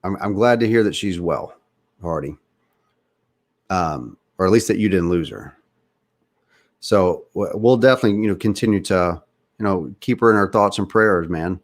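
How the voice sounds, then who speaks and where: Earnest low-voiced man with Southern trace. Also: moderate pace, pauses often. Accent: slight Southern US. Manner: earnest, opinionated, talks straight to listeners. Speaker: podcast host. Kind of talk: casual political talk.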